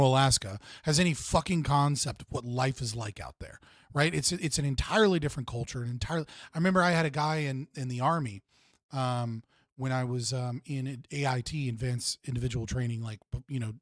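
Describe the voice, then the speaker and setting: A young man hosting a livestream, talking casually about politics, swearing freely and telling stories with lively energy over a video call. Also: mid-range voice, fairly quick, no echo, clean studio sound. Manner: animated storyteller, swears freely, does excited voices in anecdotes. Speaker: livestream host.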